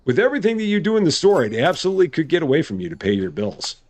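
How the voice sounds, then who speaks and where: Brief: male game streamer, relaxed live commentary, very lively pitch swings. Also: rapid-fire. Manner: chatty, thinking aloud, good-humored. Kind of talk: casual live gameplay commentary.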